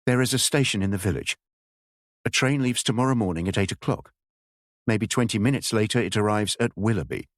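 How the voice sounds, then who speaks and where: A man's voice: lowish voice, a little fast, dry recording, studio quality, natural voice. A man voicing a curt, wary English village schoolteacher woman who speaks in a clipped, firm way. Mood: firm, brisk.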